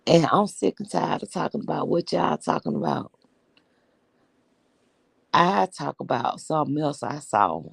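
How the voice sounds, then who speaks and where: A woman's voice: low voice, vocal fry, breathy edge, no room sound. A woman hosting a casual live stream, telling stories bluntly and with profanity as she greets viewers.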